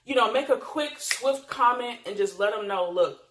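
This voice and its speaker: A woman's voice: a little high, moderate pace, a bit bright. A woman vlogger giving casual advice to camera, chatty and emphatic, with frequent fillers. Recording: roomy echo.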